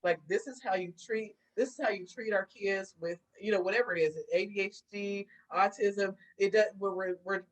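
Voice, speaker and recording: A woman speaks as a guest in a relaxed interview. She is an animated storyteller who laughs often and slips into the voices of the people she describes. Her pitch sits in an ordinary middle range. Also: normal speed, hardly any pauses, rough recording. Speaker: guest therapist. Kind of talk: casual interview chat.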